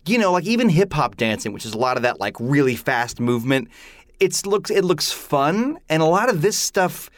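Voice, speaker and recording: A man chatting on a musical theatre podcast, animated and opinionated, full of "like" asides. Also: on the high side, normal speed, no echo, studio quality. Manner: animated, opinionated, many "like" fillers. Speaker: podcast panelist. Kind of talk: casual chat.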